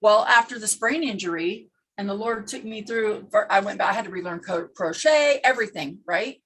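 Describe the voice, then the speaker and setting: A woman's voice: medium pitch, normal speed, fairly bright tone, slight background noise, rough recording. A woman in casual chat on a video call, telling a personal story earnestly with restarts. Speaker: participant in a craft video call.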